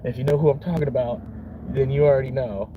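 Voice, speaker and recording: A man's voice: mid-range voice, fairly even intonation, quick pace, phone-quality sound. A man from Florida, a vlogger rambling casually from his car, laid-back, chuckling often and swearing easily. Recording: car interior with vehicle noise.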